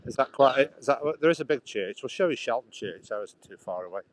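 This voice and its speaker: A man talks to his viewers while out walking. His voice sits at a middling pitch, and he chats loosely, often restarting his sentences. Faint traffic hums behind him. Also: lively intonation, fast. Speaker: livestream host. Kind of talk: casual walking livestream chat. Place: outdoors walking by a busy road. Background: traffic and sawing noise.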